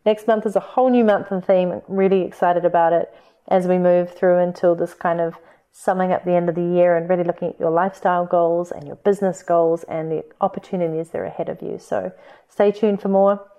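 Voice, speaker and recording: A woman's voice: lowish voice, little pitch movement, fast talker, dark tone, lo-fi sound. A woman with a New Zealand accent hosting her own podcast, talking in an upbeat, chatty way straight to her listeners. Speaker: podcast host. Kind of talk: solo podcast monologue.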